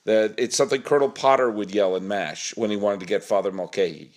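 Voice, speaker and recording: A man co-hosting a podcast, chatting casually with a teasing, rambling manner and lots of halting restarts. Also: lowish voice. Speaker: podcast co-host. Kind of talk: casual chat.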